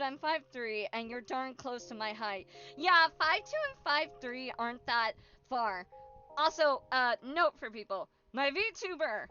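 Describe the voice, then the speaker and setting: Brief: young woman streamer, high and sharp voice, giggly and rambling, dull lo-fi audio. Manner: excitable, giggly, rambling, swears a lot. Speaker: VTuber streamer. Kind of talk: casual stream chat.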